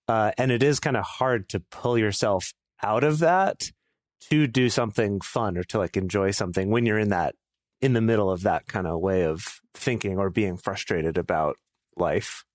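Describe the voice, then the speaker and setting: Thoughtful low-voiced man, co-hosting. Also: dry recording, clean studio sound. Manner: thoughtful, trails off and restarts. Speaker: podcast co-host. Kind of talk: casual chat.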